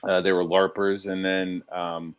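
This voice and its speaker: A man's voice: low voice, level tone, a little slow, clean tone. A man appearing as a guest, telling stories in a rambling, profane, laid-back way. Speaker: guest comic artist. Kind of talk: casual chat.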